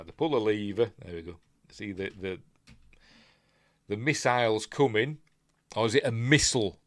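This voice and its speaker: A man with a Yorkshire accent rambling casually through a film breakdown, often trailing off and mumbling asides. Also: fairly low pitch. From England. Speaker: film reviewer.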